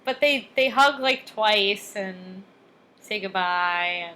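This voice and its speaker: A woman's voice: medium pitch, slow pace, bright, forceful tone. A young woman co-hosting a podcast, chatting casually and laughing as she recaps a TV show. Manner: chatty and laughing, with frequent ums and likes. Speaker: podcast co-host.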